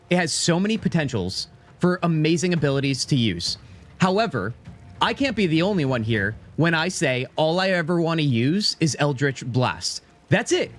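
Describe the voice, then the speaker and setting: A man streaming a game live, chatting playfully with his viewers as he plays. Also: sits high. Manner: playful, chatty, talks straight to his chat. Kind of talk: live-stream gameplay commentary.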